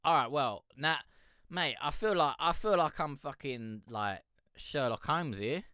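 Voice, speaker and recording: Bright, crisp-voiced man hosting a stream. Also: a little high, animated, unhurried, no echo, clean studio sound. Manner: rambling, swearing, laughing, answering chat. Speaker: music review stream host. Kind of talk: casual live-stream chat.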